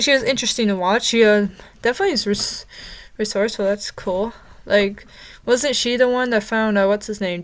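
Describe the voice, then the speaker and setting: A young woman giving casual, rambling commentary as she ranks characters in a vlog, chatty and opinionated, with lots of fillers and stumbles. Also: medium pitch. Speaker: vlogger ranking characters.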